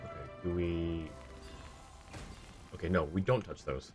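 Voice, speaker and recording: Man, low voice, tired, laid-back gameplay commentary, chuckling asides, faint game music. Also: a little slow. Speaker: streamer.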